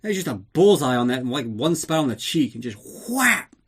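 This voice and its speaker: A man's voice: mid-range voice, lively intonation, fairly quick, a little mellow, breathy edge. Sarcastic, profane male podcast host. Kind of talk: casual movie recap.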